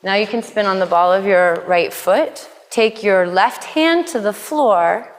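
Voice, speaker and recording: A woman teaching a live yoga class, cueing poses in a playful way with quick asides. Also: medium pitch. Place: yoga studio. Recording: long hall reverb in studio.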